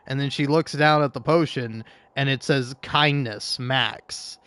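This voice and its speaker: A man's voice: medium pitch, steady tone, normal speed, a bit bright, no echo. A young man casually riffing as an online commentator, rambling and stammering with frequent laughs.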